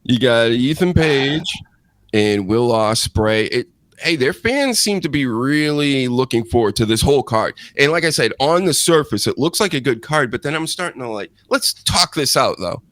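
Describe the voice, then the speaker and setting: A man's voice: mid-range voice, lively intonation, normal speed, a bit bright, no echo, clean studio sound. A man hosting a casual wrestling chat show, rambling and joking, laughing often. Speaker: podcast host.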